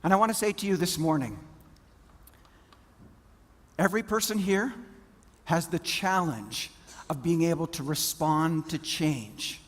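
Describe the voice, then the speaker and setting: A man giving a storytelling keynote to a conference audience, dramatic, swinging from whispers to loud bursts. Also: on the high side, measured pace, long pauses, in a large hall. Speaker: motivational keynote speaker.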